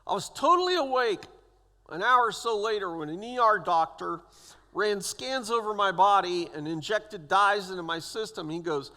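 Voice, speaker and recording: His high voice is pushed and bright, with lively intonation at a normal speed, as this sixty-something church elder tells his testimony in the sanctuary. He performs the voices of the people in his story, and the recording carries long church hall reverb.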